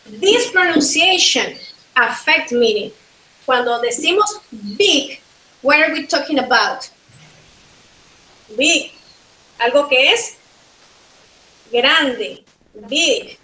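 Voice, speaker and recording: Panamanian woman teacher, bright and unhurried, drilling pronunciation in an echoey room. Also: high-pitched, lively intonation. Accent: Panamanian Spanish. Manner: slow, repeats words to model pronunciation. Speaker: linguistics teacher. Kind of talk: bilingual classroom lecture.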